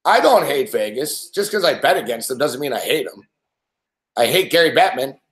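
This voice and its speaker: A man's voice: medium pitch, sing-song, moderate pace, fairly bright tone, echoey room. A man hosting a late-night sports betting show, ranting angrily and profanely about hockey and mocking the people he talks about. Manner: mocking impressions of others. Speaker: host.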